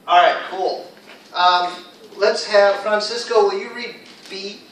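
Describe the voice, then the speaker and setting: A man teaches an English class, casual and upbeat as he quizzes his students, his voice sitting a little high. He is caught from far off in a very echoey classroom. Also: steady tone, slow, a bit bright, a little hiss or hum. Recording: echoey room, far from mic.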